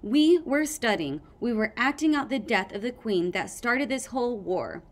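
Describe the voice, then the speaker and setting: A woman's voice: a little high, lively intonation, pitched above the performer's own voice, close to an everyday voice. A woman doing a fiery, defiant young sea dragon. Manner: fiery, quick to argue.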